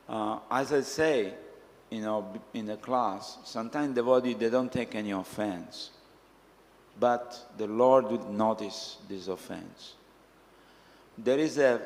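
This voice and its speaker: Man teaching in a reverberant hall. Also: medium pitch. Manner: earnest storytelling, acting out quoted voices. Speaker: speaker. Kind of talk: scriptural class answering questions.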